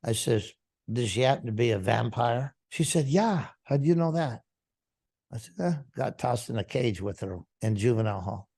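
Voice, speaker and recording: A man's voice: lowish voice, brisk, gravelly, a little mellow. A male pastor giving a testimony to a congregation, retelling a story and acting out the dialogue.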